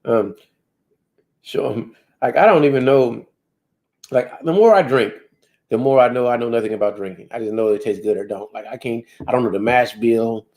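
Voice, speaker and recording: A man's voice: mid-range voice, normal speed, a little mellow. A man hosting a casual live stream, rambling loosely and laughing at himself. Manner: self-deprecating. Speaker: host.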